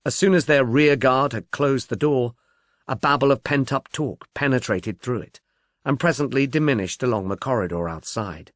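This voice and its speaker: A man reading a detective novel aloud as narrator, in a measured, expressive storytelling manner. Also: mid-range voice, dry recording, studio quality.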